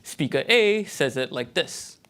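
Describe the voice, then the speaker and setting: Animated young man with a Malaysian accent. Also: fairly high pitch, unhurried, smooth. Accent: Malaysian English. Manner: lively, explanatory, checks in with the audience. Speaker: graduate student presenter. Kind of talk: TED-style talk.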